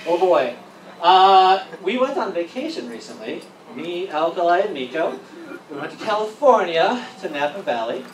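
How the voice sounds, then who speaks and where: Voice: mid-range voice, big pitch swings, moderate pace. A stand-up comedian doing a set, rambling and profane, often breaking into laughter. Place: event hall at a convention. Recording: roomy, distant, with noisy ambience.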